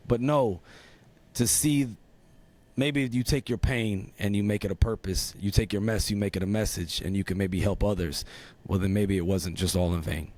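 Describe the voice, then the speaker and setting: A male podcast host talks things through in a thoughtful, reflective way. He is encouraging toward his guest. His voice sits somewhat low. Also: darkish tone. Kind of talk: reflective conversation.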